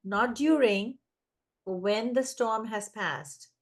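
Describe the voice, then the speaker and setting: A woman giving parenting advice in casual conversation, animated and acting out the voices of children and parents. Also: a little high, slow. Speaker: parenting guest expert.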